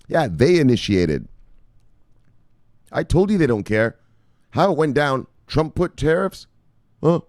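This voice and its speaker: A man's voice: mid-range voice, darkish tone, no room sound, clean studio sound. A man hosting crypto news, ranting with casual profanity and lots of fillers. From United States.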